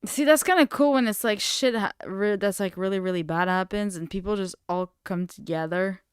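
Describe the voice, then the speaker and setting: A woman's voice: medium pitch, normal speed, clear, resonant tone, no echo. Young woman streamer, rambly and casual, lots of "like", very clean dry sound. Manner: rambling, heavy use of "like", casual swearing. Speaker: live streamer. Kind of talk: casual late-night livestream chat.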